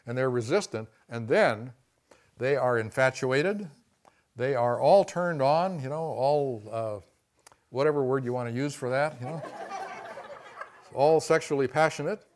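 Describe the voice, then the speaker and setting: A man teaching a class on communication and boundaries, talking conversationally with many "you know" and "see" asides, and now and then acting out quoted voices with sudden loud bursts. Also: mid-range voice, measured pace, pauses often. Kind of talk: classroom lecture.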